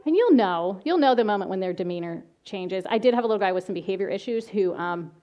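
A middle-aged woman giving a talk on calming angry children, telling lively stories from her own family and work, often laughing and acting out the children's voices. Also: mid-range voice, fast, dull audio. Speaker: child behavior specialist giving a parenting talk. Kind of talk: presentation with slides.

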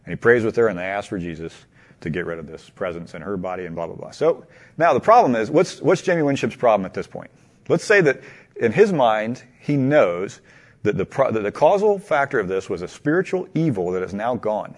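A man telling a long anecdote to a small group in a casual, halting way, asking them questions along the way. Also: on the low side. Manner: animated, halting, many restarts and laughs. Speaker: teacher leading a group discussion.

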